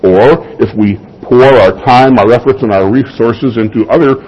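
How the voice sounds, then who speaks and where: A man's voice: medium pitch, normal speed, a little mellow. A man preaching a sermon as a pastor, talking in a conversational way and asking the congregation rhetorical questions. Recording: slightly dull lo-fi sound.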